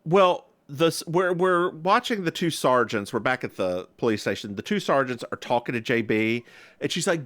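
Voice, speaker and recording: Animated campy man recapping a show. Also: mid-range voice, normal speed, dry recording. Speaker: podcast co-host recapping a TV episode. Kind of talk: casual chat.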